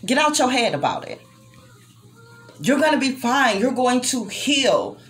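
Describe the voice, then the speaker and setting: A woman's voice: on the high side, big pitch swings, a little slow, fairly bright tone, a little hiss or hum. Emphatic woman giving a tarot reading. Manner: emotional, emphatic, swears freely, speaks tenderly to the listener. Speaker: tarot reader. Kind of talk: tarot reading addressed to viewers.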